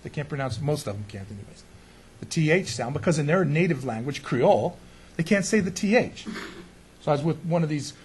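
A man's voice: on the high side, lively intonation, brisk, a little mellow, a little hiss or hum. A man preaching as a pastor in a conversational sermon, often asking his congregation rhetorical questions and chuckling now and then.

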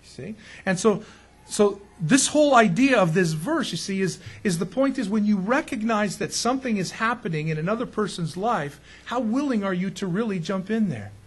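A pastor with a husky, breathy edge to his fairly high voice talks through his sermon in a loose, conversational way. He jokes, stresses his points hard, and keeps turning to his listeners with questions. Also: expressive, normal speed. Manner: joking, emphatic, asks the listeners questions.

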